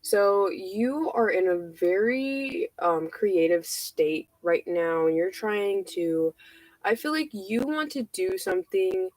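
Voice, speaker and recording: A woman giving a casual tarot reading, out of breath, halting and repeating herself with many fillers. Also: mid-range voice, expressive, dry recording, rough recording. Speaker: tarot reader.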